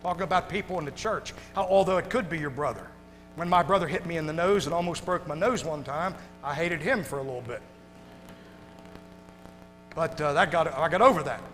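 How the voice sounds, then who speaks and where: A male pastor preaching a sermon to his congregation, moving from hushed, tender passages to loud shouting. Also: on the high side, fairly quick. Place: church sanctuary. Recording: long hall reverb with music behind.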